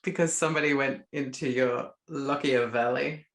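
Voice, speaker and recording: A man's voice: mid-range voice, fairly even intonation, normal speed, a bit bright, reverberant. A man, joking cheekily and campily as a podcast co-host. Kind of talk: casual chat.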